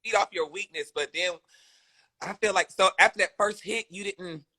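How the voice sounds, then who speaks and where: A woman's voice: medium pitch, moderate pace, pushed and bright. A woman hosting a casual conversational interview, sympathetic and asking probing follow-up questions. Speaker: host.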